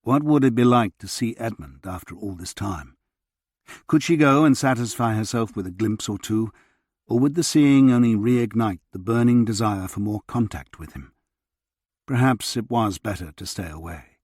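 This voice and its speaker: A man reading a historical novel aloud as narrator, in a measured, expressive way. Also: fairly low pitch, breathy edge, no echo, studio quality. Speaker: audiobook narrator. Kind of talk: scripted narration.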